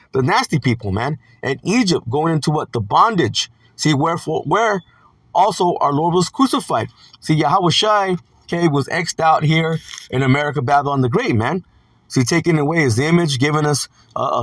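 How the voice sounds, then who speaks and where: Higher-voiced man preaching casually. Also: fairly bright tone, no room sound. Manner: casual, peppers speech with "man" and "okay"; reads verses slowly and deliberately. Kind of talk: scripture teaching.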